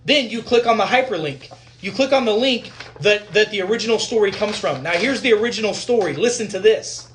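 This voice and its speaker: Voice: mid-range voice, animated, brisk, slight background noise. A physician giving a heated, blunt and profane rant to viewers, repeating points for emphasis.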